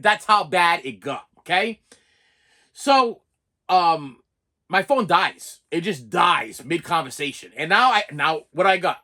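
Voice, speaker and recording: A bright-voiced man rants through a storytime vlog, his pitch swinging widely as he repeats himself. He is exasperated and keeps checking in with "okay?" between his points. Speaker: vlogger. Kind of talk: storytime rant.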